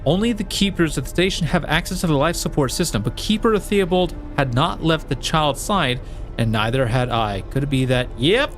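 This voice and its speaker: A man's voice: fairly high pitch, expressive, moderate pace, fairly bright tone, faint music behind. A man casually commenting on a game and reading its text aloud, rambling with many fillers and joking about his failed accents. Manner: rambling and playful, with frequent fillers and restarts; tries silly put-on accents and laughs at himself. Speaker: let's play streamer.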